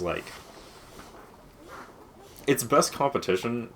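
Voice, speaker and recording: A man's voice: fairly low pitch, lively intonation, normal speed, a little hiss or hum. A man co-hosting a let's play, chatting casually, joking and laughing often. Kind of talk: casual gaming commentary.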